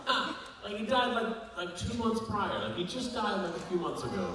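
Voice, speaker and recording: A man at a convention panel telling comic stories in an animated, jokey way. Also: high voice, normal speed. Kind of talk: convention Q&A storytelling. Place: large convention hall. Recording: echoey hall from far off, crowd noise.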